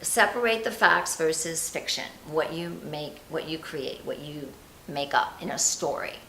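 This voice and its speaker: A woman's voice: sits low, lively intonation, measured pace, sharp tone, roomy sound, a little hiss or hum, poor audio. A woman coaching on confidence, talking chattily and animatedly straight to the viewer. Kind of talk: motivational vlog talk.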